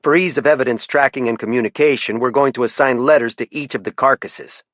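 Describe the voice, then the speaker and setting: A man's voice: medium pitch, quick pace, a bit bright, no room sound, studio quality, pitched above the performer's own voice, natural voice. A man doing a pompous francophone lieutenant. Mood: commanding. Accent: francophone Maine French. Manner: sing-song lilt, speechifying. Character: pompous theatrical male game warden lieutenant.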